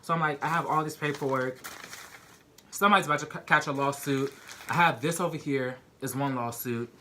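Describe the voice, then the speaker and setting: A young man telling a personal story to his viewers in a casual, animated way, full of "like" and "y'all". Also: mid-range voice, fairly quick, slight background noise. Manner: animated, addresses viewers as "y'all", many "like" fillers.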